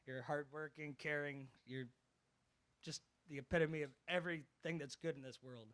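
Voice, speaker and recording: A man, the bride's brother, giving a heartfelt wedding toast with some teasing, getting loud when addressing the couple by name. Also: fairly high pitch. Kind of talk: wedding speech. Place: wedding reception.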